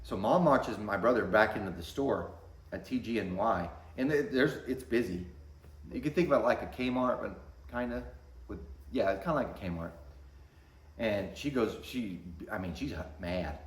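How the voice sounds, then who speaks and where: Animated man in his forties telling stories. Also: normal speed. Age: 40s. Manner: animated, swings loud and high when excited. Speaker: vlogger. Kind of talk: casual storytelling. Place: workshop. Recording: echoey workshop room.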